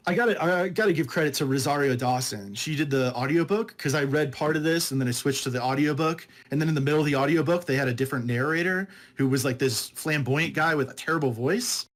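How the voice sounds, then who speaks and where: Man, fairly high voice, casual podcast chat, rambling, laughs a lot. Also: quick pace, hardly any pauses, a bit bright. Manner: chatty, rambling, laughs often, says dude. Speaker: podcast co-host. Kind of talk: casual book review chat.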